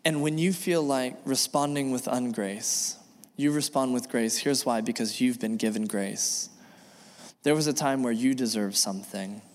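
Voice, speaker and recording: A male pastor giving an earnest sermon, repeating key phrases and acting out bits of dialogue. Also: medium pitch. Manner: earnest, repetitive preaching with acted dialogue. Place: church sanctuary. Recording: long reverb of a church hall.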